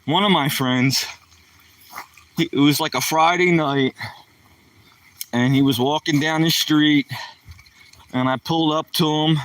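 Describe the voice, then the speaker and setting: A man's voice: on the high side, steady tone, a little slow, pauses often, fairly bright tone, far from the mic. A man from the Philadelphia area telling rambling stories from his past in loose, casual chat, often tossing in "man" and "you know".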